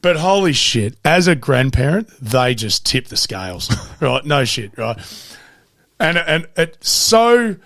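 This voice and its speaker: A man's voice: medium pitch, sing-song, slow, vocal fry, fairly bright tone, no room sound, studio quality. A middle-aged man with an Australian accent, an interview guest casually telling family stories, swearing freely and acting out what his family said. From country Victoria, Australia. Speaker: interview guest, amateur boxer. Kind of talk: casual storytelling.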